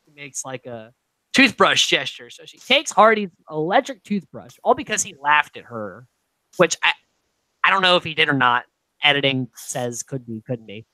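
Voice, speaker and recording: A young woman chats casually as a podcast co-host, her pitch bouncing all over as she tells the story and acts out each quote. Her voice sits on the low side but rings bright and sharp. The sound is dry and close, with no room around it. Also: moderate pace, no echo, poor audio. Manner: animated storytelling, acts out quotes, laughs often, swears casually. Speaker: podcast co-host recapping a reality show. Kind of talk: casual chat.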